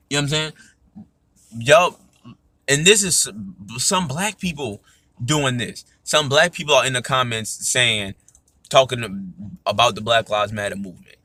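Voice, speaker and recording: An emphatic man talks through a casual podcast monologue. His voice is bright and forceful, sits at a medium pitch, and is recorded close and dry. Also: dry recording. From United States. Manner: emphatic, repeats "you know what I'm saying". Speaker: podcast host.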